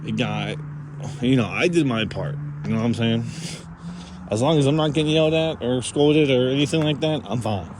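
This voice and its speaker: A man's voice: medium pitch, normal speed. A young man talking casually to the camera while out walking, rambling and self-conscious, full of fillers and restarts. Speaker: vlogger. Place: outdoors by a street. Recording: outdoor street noise behind.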